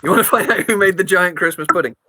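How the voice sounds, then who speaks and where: A woman's voice: lowish voice, racing, sharp tone. A woman running a tabletop game as game master, narrating scenes with playful description and small slips.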